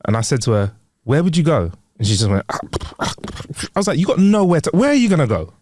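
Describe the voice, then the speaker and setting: A man co-hosting a podcast, telling stories casually and quickly, often laughing. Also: on the high side, big pitch swings, a little mellow, no room sound. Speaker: podcast co-host. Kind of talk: casual chat.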